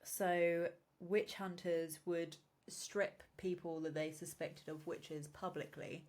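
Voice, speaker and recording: A woman with a lowish, steady, slightly mellow voice takes her time as she co-hosts a podcast. The chat is casual, and she giggles often while explaining each point with loose asides.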